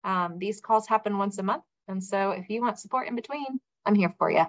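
A woman's voice: mid-range voice, a little fast, dry recording. A woman leads a group coaching call, guiding a participant with direct, encouraging prompts. Her voice is dry and close, with dull, slightly muffled call audio. Her delivery stays practical and supportive.

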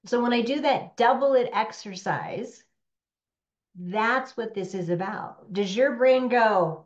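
A woman business coach talking to a workshop room, animated and conversational, often checking in with "right?". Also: on the high side, slow pace, muffled recording.

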